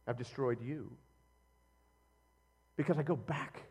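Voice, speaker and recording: A middle-aged male pastor delivering an animated sermon, his voice rising to loud emphatic peaks and then dropping low and close. The sound carries a long reverb, as if heard in a large church hall through a stage microphone. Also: slow pace, husky. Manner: animated preaching, swinging between loud outbursts and quiet, low intimacy.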